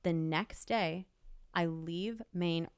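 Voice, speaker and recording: A young woman appears as an interview guest, emotionally and emphatically retelling a personal story and quoting what people said to her. Her voice is on the low side with a clean tone and drawn-out words, recorded in a clean studio with no room sound.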